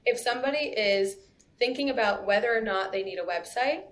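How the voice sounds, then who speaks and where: A woman's voice: fairly high pitch, fairly quick, slight background noise. A woman, talking casually as a podcast guest, chatty and laughing often. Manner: chatty, laughs often, lots of "you know" and "like". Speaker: copywriter guest.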